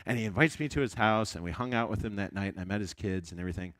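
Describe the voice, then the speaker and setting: A male evangelist preacher telling a story in a Sunday school sermon, chatty and animated, often restarting his sentences. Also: lowish voice, rapid-fire, dry recording.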